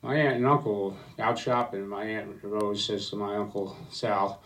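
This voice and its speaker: A male stand-up comedian tells jokes in a low voice, stumbling through fillers between punchlines. He sounds a bit distant from the microphone. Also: steady tone, a bit bright. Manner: halting, filler-heavy delivery. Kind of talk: stand-up joke telling. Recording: voice slightly distant from mic.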